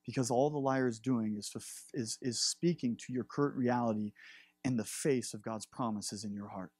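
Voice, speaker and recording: A man's voice: medium pitch, fairly even intonation, moderate pace, a little mellow, slightly rough, no room sound. Impassioned confessional male preacher. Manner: impassioned, confessional, laughing asides. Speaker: pastor. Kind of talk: sermon.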